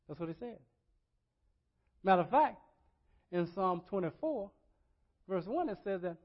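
An older male pastor delivers a sermon in a high voice, dropping to quiet asides and then rising to loud, impassioned crying out. He repeats words and phrases in a rolling preacher's cadence. The recording is dull and lo-fi. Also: animated, moderate pace, pauses often.

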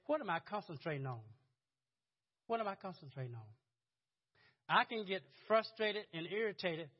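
A man's voice: sits high, muffled recording. A man preaching a sermon in a conversational, chuckling way, often repeating words as he goes. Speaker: pastor.

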